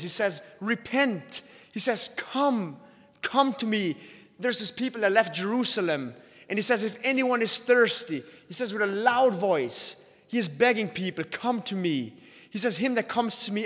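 A man's voice: high voice, sharp tone, in a large hall. A man preaching an evangelistic sermon, pleading with his listeners and rising and falling in intensity.

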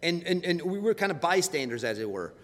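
A man's voice: a little high, sing-song, brisk, big-room sound. A man teaching a Bible study in a conversational way, often repeating words as he goes.

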